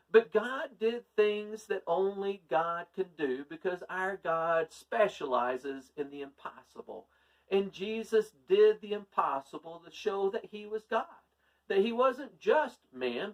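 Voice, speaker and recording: A man, a pastor preaching in an earnest, folksy, unhurried manner. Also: sits high, dull audio. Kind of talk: sermon storytelling. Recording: distant from the mic.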